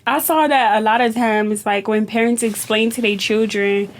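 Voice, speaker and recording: Female co-host, slightly high voice, casual anecdotes with quoted dialogue. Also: fairly even intonation, normal speed. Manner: storytelling, acts out quotes from her students. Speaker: podcast co-host, teacher. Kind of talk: casual chat.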